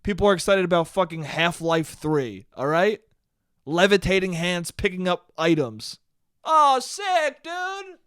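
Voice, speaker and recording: A young man rants alone into his podcast mic, swearing freely and turning to his listeners with "dude." His voice sits fairly high. The sound is dry and close, with no room echo. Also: normal speed. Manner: profane, animated, talks to listeners as "dude". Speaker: podcast host. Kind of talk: solo podcast rant. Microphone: studio mic he checks the levels on.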